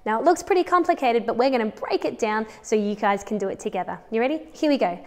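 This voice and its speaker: A woman's voice: fairly high pitch, expressive, quick pace, long reverb tail, background noise. A woman with an Australian accent teaching a children's music lesson, counting patterns aloud and encouraging the class.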